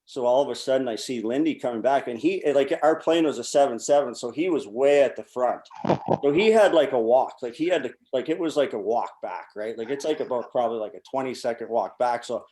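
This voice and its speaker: A man in his forties spins loose, swearing stories as a podcast guest. He rambles and restarts, talking at an ordinary middle pitch, and works through each anecdote with animated emphasis. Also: fairly quick. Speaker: podcast guest, former pro hockey player. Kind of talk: casual storytelling.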